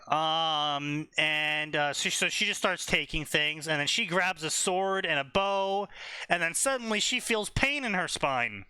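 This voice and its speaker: A man reads fanfiction aloud for a comedy stream, skipping ahead with sarcastic asides and many fillers. His voice is bright and crisp, a little higher than most men's. The recording is dry and close. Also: no room sound. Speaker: host reading fanfiction aloud. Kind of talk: casual comedic reading and commentary.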